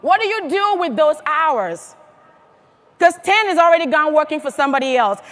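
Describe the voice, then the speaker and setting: A woman's voice: high-pitched, expressive, moderate pace, fairly bright tone. A woman giving a motivational speech to a live audience, emphatic and firing questions at the crowd. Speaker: motivational speaker at a sales event.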